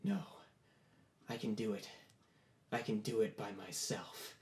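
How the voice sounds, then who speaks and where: A man's voice: a little high, slow pace, gravelly, full character voice. A man voicing an arrogant young male wizard with a smug, theatrical manner, recorded in a roomy space. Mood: determined. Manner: smug and theatrical, swings to loud proclamations. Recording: roomy echo.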